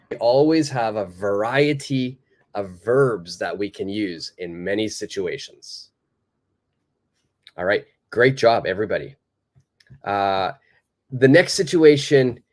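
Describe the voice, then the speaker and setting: A male English teacher leads a live online lesson over a video call. His voice rises and falls widely as he explains, and he speaks slowly and clearly. He patiently repeats each example sentence. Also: medium pitch, darkish tone.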